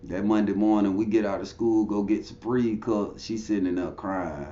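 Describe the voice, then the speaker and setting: A man's voice: fairly low pitch, fairly even intonation, moderate pace, dark tone. A man talks bluntly and profanely as an interview guest, preaching his views in casual storytelling. The room is echoey. The audio sounds a little dull.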